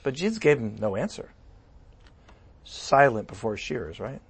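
Animated male pastor preaching. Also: mid-range voice, moderate pace, gravelly, slightly rough. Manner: animated, conversational asides. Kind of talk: sermon.

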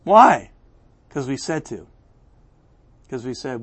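Animated male pastor preaching. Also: mid-range voice, slow pace, pauses often. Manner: animated, conversational asides. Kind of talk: sermon.

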